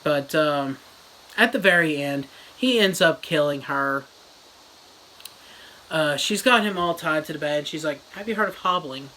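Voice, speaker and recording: A reviewer retelling a novel as a crude, rambling comedy summary with deadpan jokes. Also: mid-range voice, a little slow, pauses often, slight background noise, low-quality recording. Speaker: book reviewer.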